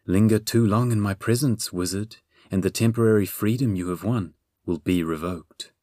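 Crafty female sphinx, read by a male narrator, low, slow and stately, audiobook, dry read. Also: dark tone, dry recording, lightly acted. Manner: slow, stately riddling speech. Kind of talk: audiobook character voice.

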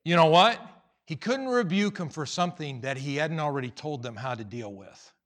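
A pastor preaching a sermon in a church, animated and teasing, acting out voices. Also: male voice, on the high side, normal speed.

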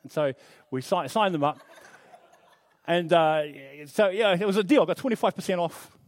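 A man's voice: high-pitched, normal speed, no echo. A middle-aged man preaching a conversational sermon, earnest and storytelling, with frequent restarts.

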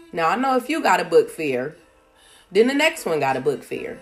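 Low-voiced mother giving casual advice. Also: sing-song, moderate pace, faint music behind. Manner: conversational, with many fillers and asides. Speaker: single mother.

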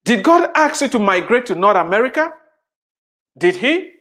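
A preacher in full sermon mode, with a voice whose pitch rises and falls in wide, animated swings. The delivery is emphatic and driven by repetition, circling back to key phrases again and again. Rhetorical questions are thrown out to the congregation throughout. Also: normal speed.

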